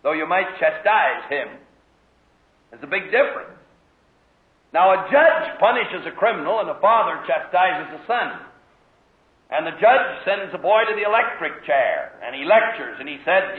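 Unhurried and high-pitched, this preacher tells stories during his sermon and voices the quoted characters in an animated way. The congregation responds in the background of an echoey hall, captured in lo-fi, phone-like quality.

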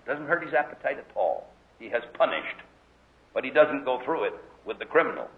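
A man's voice: medium pitch, fairly quick. A man preaching a sermon, telling stories and acting out the voices in them. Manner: animated storytelling, acts out voices in quotes. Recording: phone-like lo-fi echoey hall recording. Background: congregation heard responding.

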